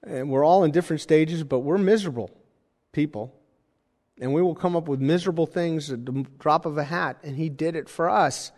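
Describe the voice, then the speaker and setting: A man preaching a sermon in a conversational style, with jokey asides and animated emphasis. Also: a little high, brisk, long reverb tail. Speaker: pastor.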